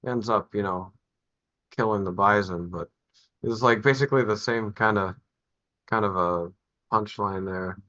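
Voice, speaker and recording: A man with a fairly low but bright, forceful voice muses on a video call, halting and full of fillers. The sound is dull and dry. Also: no room sound. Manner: halting, rambling, with many fillers. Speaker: participant in a Zoom class. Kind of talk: casual chat on a video call.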